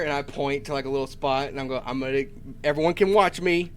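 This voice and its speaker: A man playing a tabletop role-playing game, talking in character in an animated, stammering way and laughing often. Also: medium pitch, fast, slight background noise. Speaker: player.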